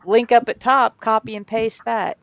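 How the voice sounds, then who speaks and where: A man's voice: very high-pitched, fairly even intonation, normal speed, creaky, fairly bright tone. A chatty man hosts a casual livestream and greets viewers as they arrive. His voice sounds muffled and dull, recorded dry with no room echo. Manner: chatty, reads chat aloud. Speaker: livestream host.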